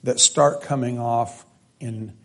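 A man's voice: mid-range voice, steady tone, takes it slowly. A man preaching an expository sermon, reading scripture aloud and then stressing and repeating key phrases, thinking aloud with restarts and asides.

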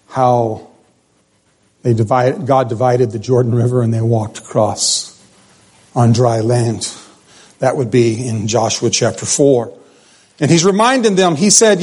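A man's voice: mid-range voice, a little slow, long pauses, darkish tone, slightly rough. A middle-aged man, a pastor, preaching a sermon in a conversational, joking way that repeats phrases.

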